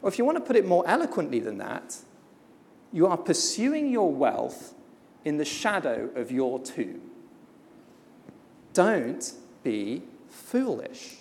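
Preacher, sermon, animated pitch, emphatic, blunt, long hall reverb. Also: gravelly, slight background noise. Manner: emphatic and blunt, with slow weighty pauses.

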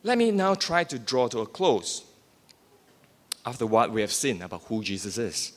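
A man delivers an expository sermon, putting questions to his listeners and then answering them. His voice moves up and down in pitch with plenty of life, and it carries a long reverb from the hall he is speaking in. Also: sing-song, normal speed. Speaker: preacher.

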